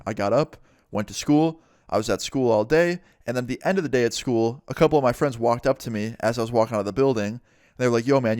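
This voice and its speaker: A laid-back young man in his twenties tells a story in loose, slangy talk and swears freely. His voice sits in a middle pitch, and the recording is dry and close. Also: a little mellow, no echo. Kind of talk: casual storytime.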